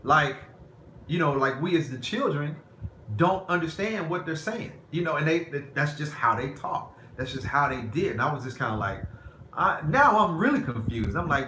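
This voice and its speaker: A man speaks candidly to his viewers, rambling through a personal story with a bright, forceful edge to his voice. The recording is roomy and echoey, with faint noise underneath. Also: on the high side, lively intonation, moderate pace. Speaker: vlogger.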